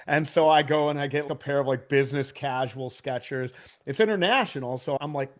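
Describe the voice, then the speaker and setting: A man's voice: medium pitch, brisk. A man in his forties talks as a podcast guest in a loose, casual way. He tells stories with lots of animation, laughs often and swears freely. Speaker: podcast guest, business owner. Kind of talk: casual storytelling.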